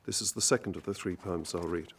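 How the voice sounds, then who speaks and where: A man introducing songs at an evening recital, speaking in a measured, literary way and reading poems aloud. He slows down to stress quoted lines. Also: sits low, a bit bright, slight background noise. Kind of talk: lecture with poetry reading.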